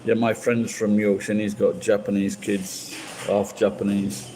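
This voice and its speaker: A man's voice: lowish voice, flat delivery, normal speed, noisy background. A man from Sheffield with a Sheffield accent, chatting casually with viewers on a livestream and rambling with frequent restarts. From Sheffield, England. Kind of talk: casual chat.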